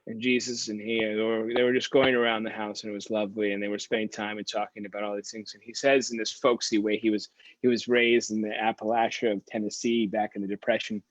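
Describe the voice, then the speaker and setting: A man's voice: lowish voice, little pitch movement, quick pace, no echo, lo-fi sound. A man, a pastor, teaching a Bible study in a conversational storytelling way.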